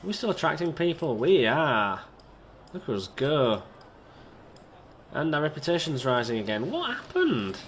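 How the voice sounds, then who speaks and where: A man's voice: on the high side, very animated, moderate pace, pauses often, a bit bright. A man chats his way through a building game, rambling and poking fun at himself. His voice swings widely up and down as he talks to the characters on screen. A faint ambient hum sits underneath. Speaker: video game let's-player. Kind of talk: casual gameplay commentary.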